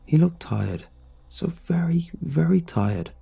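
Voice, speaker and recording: Somber, husky male storyteller. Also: fairly high pitch, big pitch swings, takes it slowly, dark tone. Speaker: narrator. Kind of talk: first-person story narration.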